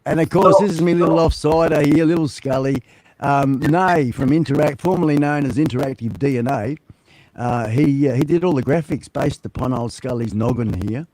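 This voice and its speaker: An Australian man chatting as a livestream guest from his home studio, loud, rowdy and profane, sometimes shouting. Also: mid-range voice, moderate pace.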